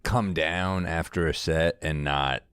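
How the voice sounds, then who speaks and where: A man's voice: a bass voice, steady tone, slow, fairly bright tone, clean tone, no echo, clean studio sound. A man comedian musing reflectively in a podcast chat, drawing out his words.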